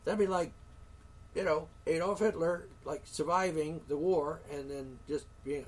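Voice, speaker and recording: A man's voice: on the high side, a little slow, darkish tone, distant mic. Indignant, profane man ranting on his show. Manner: indignant, profane, with sighs and sarcastic asides. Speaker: show host. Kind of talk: solo talk show rant.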